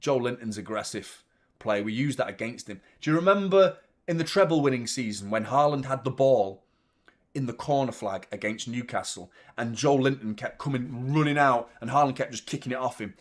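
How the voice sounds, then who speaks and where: Male watchalong host, excitable live match reactions, loud, sweary. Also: mid-range voice, fairly quick. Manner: excitable, swears, shouts at the play.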